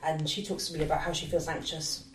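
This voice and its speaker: A woman's voice: low voice, little pitch movement, fast talker, a crowd in the background. A woman in her thirties from the UK, speaking reflectively in a casual podcast panel discussion. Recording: roomy, distant mic.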